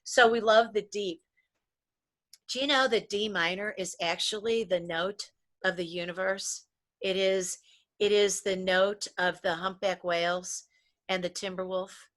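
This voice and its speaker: A woman's voice: medium pitch, steady tone, unhurried, a bit bright. A middle-aged American woman and psychologist co-hosting a wellness show, talking in an earnest, preachy way and often repeating words as she starts sentences. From United States. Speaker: podcast co-host, psychologist. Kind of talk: motivational wellness chat.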